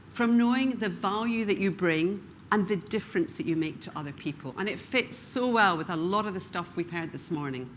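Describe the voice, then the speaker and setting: A middle-aged woman from Glasgow with a Scottish accent, speaking as a keynote speaker and slowing down with dramatic pauses for emphasis. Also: mid-range voice, a bit bright, slight background noise. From Scotland. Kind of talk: motivational stage talk. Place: conference room before a live audience.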